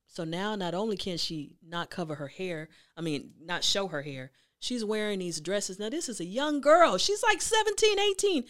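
A woman hosting a motivational talk, telling a story in a chatty, emphatic, animated way. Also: mid-range voice, normal speed, few pauses. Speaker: host.

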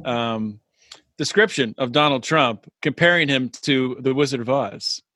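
A man on a podcast, offering measured contrarian takes in casual banter. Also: medium pitch, pushed and bright, dry recording. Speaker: podcast guest.

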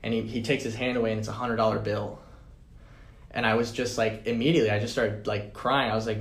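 Speaking quickly in a low voice with little pitch movement, a young adult podcast guest rambles through a personal story, leaning heavily on "like" and "man." The room echoes noticeably.

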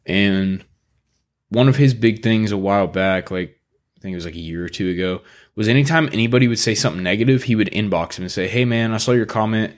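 A man co-hosting a casual podcast, talking bluntly with lots of swearing and animated storytelling. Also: on the low side, fast. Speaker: podcast co-host.

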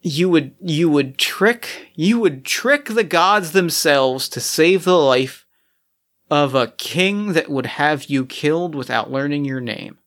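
A man voicing a weary ancient king cursed to endless toil, speaking in solemn, measured tones. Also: on the high side, a bit bright.

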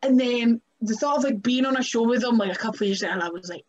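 A young woman chats on a podcast with a slightly high voice. She tells her wrestling stories loosely, leaning on "like" and laughing as she goes. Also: fast talker, dull audio. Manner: chatty, many "like" fillers, laughs often. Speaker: guest professional wrestler. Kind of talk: casual podcast storytelling.

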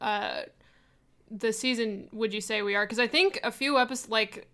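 A woman's voice: a little high, normal speed, pushed and bright. A young woman chatting casually on a podcast, rambling with many fillers. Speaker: podcast player asking listener questions. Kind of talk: casual chat.

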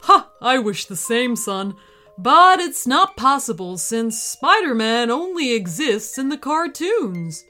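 A woman reading the part of a gentle, caring father in a children's story, speaking softly and soothingly. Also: on the high side, big pitch swings, slow, faint music behind, exaggerated voice.

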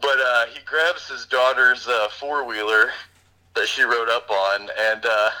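A man's voice: medium pitch, a little slow, rough recording. A man co-hosting a podcast, casually retelling a movie plot with lots of fillers. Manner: rambling, animated retelling with fillers. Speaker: podcast co-host reviewing a movie. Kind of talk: casual chat.

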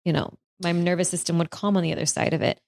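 A woman's voice: lowish voice, fairly even intonation, quick pace, darkish tone, dry recording. A woman talking openly about her father in a personal conversation, hesitating and restarting as she searches for words. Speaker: guest discussing her estranged father.

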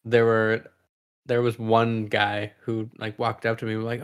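A man's voice: on the low side, monotone, moderate pace, fairly bright tone, clean tone. A young man chatting casually as a podcast co-host, teasing and laughing often. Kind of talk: casual chat.

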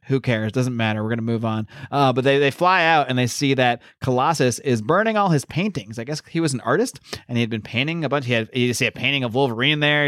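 A man in casual chat, rambling through a recap with frequent fillers and exasperated asides. His voice is mid-pitched and the recording is dry and close. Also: fairly bright tone, clean tone, dry recording. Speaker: podcast host recapping a comic.

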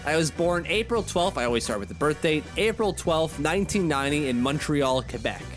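Chatty man with a higher voice. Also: animated, fairly quick, faint music behind. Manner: chatty, rambling, self-correcting. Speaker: podcast co-host. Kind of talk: casual podcast chat.

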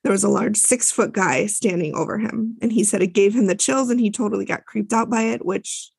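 A woman co-host tells a story in a loose, chatty way, stopping and restarting often. Her voice is gravelly and a little husky. The recording is dry and close. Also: medium pitch, brisk, darkish tone, no room sound. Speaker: podcast co-host. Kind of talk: casual recap chat.

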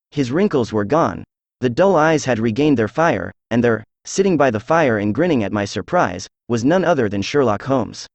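A man's voice: medium pitch, no echo. Synthesized male voice reading a classic story. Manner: even synthesized reading, little change between characters. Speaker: narrator. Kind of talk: scripted audiobook narration.

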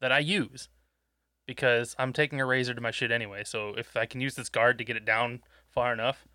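A man's voice: mid-range voice, fairly even intonation, brisk, pushed and bright, dry recording, studio quality. A man in casual, profane podcast chat, laid-back and laughing often. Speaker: podcast co-host.

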